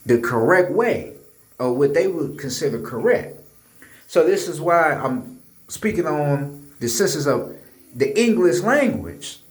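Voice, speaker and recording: A man holds forth in a casual monologue, his pitch sitting a little high and swinging a lot as he presses his points. He keeps checking in with "right?" and swears freely. The room around him is echoey. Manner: emphatic, keeps asking "right?"; loose and profane, with many repeated filler words.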